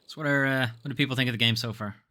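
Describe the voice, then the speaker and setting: A man's voice: mid-range voice, fairly even intonation, very fast, bright, forceful tone. A man live-streaming a video game, chatting wryly and reading the game text aloud. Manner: wry, swearing casually.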